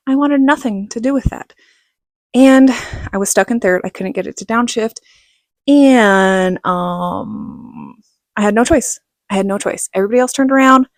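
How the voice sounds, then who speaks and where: A middle-aged woman telling a personal story in a casual vlog, animated and laughing, acting out what others said. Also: medium pitch, no room sound. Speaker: vlogger.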